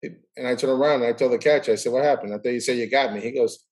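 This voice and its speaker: A man's voice: medium pitch, very fast, poor audio. A man hosting a casual interview, telling stories animatedly and acting out the dialogue. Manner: animated storyteller who acts out dialogue. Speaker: host.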